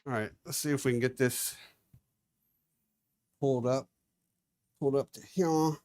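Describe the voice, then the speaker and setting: Moving about a room with carpeted floors, this livestream host talks casually while he works, describing what his hands are doing. He speaks unhurriedly at a medium pitch, with a slightly dark tone.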